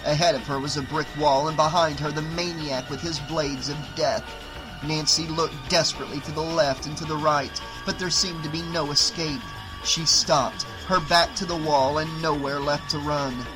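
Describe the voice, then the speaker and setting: A man narrating an audiobook in a steady, dramatic reading style. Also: a little high, moderate pace, over music, rough recording. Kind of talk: scripted narration.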